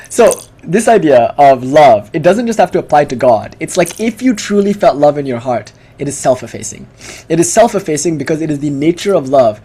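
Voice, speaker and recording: A man giving a casual, animated talk, full of asides, fillers and restarts. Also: fairly high pitch, breathy edge. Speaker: speaker giving a devotional talk. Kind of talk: casual lecture.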